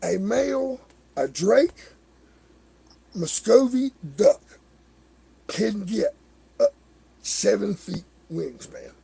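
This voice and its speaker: A middle-aged man hosting a livestream, telling rambling stories in a casual, animated way, swearing and laughing as he acts out other people's lines. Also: sits high, extremely slow, gravelly, long pauses, breathy edge. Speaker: livestream host. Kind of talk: casual storytelling chat.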